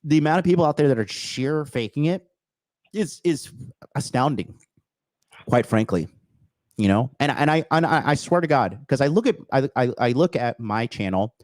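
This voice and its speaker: A man's voice: mid-range voice, animated, normal speed, a little mellow, no echo. Blunt, profane man lecturing. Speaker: dating coach host. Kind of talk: call-in show advice.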